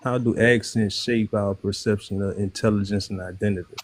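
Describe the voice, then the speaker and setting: A man's voice: fairly low pitch, fairly even intonation, a little fast, a little hiss or hum. A man in his thirties with a New Orleans accent, speaking bluntly and in slang as a guest on a live online panel. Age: 30s.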